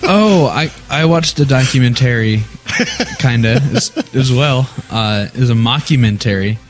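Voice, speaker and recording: A man's voice: medium pitch, animated, a little slow. A young man co-hosting a casual podcast, giggling and joking as he recounts shows he has watched. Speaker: podcast co-host. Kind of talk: casual chat.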